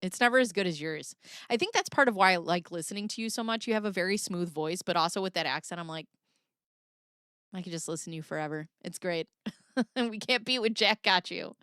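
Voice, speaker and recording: A woman's voice: mid-range voice, fast talker, fairly bright tone, no room sound, clean studio sound. A woman hosting a livestream in casual commentary, laughing often and reading viewer chat aloud. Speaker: livestream host.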